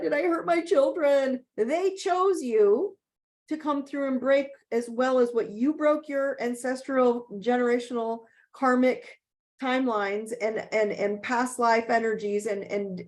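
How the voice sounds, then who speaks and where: A woman's voice: on the high side, a little mellow. Emphatic woman coaching on a video call. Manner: emphatic, repeats key phrases, frequent "okay?" check-ins. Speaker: life coach hosting a group session. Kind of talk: motivational talk and Q&A.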